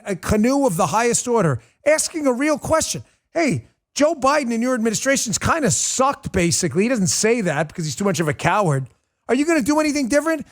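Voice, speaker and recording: Middle-aged guy hosting a political talk show, high voice, mocking and combative, hammering every word. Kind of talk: political commentary monologue.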